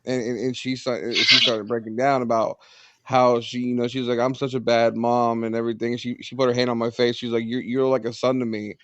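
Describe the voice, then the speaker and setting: A man of middle pitch telling stories in a casual podcast chat, stumbling and repeating words as he goes. His voice is recorded dry, with a dull, lo-fi sound. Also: flat delivery, brisk, fairly bright tone, no echo. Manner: storytelling, many restarts and repeated words. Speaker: podcast guest.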